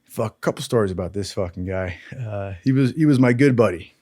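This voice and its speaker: A man's voice: fairly low pitch, animated, fairly quick, dark tone, no echo, studio quality. A man casually telling crude, profane stories from his military training, with a laid-back manner and lots of "dude". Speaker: storyteller recalling military training.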